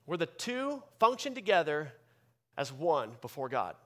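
A man pastor delivering a sermon with emphatic preaching that swings from loud bursts to quiet asides. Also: on the high side, sing-song, a little slow.

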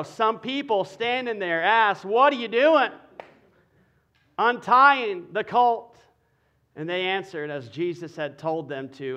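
A male pastor preaching a sermon to his congregation, animated, swinging from loud exclamations to a hushed prayer. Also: high voice. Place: church sanctuary before a congregation.

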